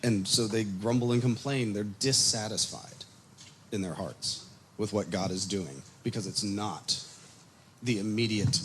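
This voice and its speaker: A man teaching a casual Bible study on a microphone, animated and storytelling. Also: lowish voice, a little slow, slight background noise. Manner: animated storytelling, acts out quotes, chuckles. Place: congregation meeting room. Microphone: microphone on a PA system.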